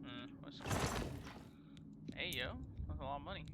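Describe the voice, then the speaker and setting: A man's voice: a little high, moderate pace, heavy background noise. A young man casually commenting on a game during a live stream, laid-back and slangy, rambling between actions. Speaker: let's play streamer. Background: game music.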